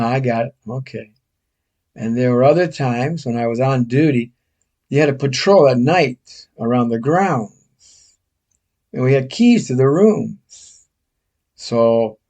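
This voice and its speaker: A man's voice: mid-range voice, a little mellow. An older man from the United States telling rambling personal stories in a casual, self-mocking way. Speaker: storyteller.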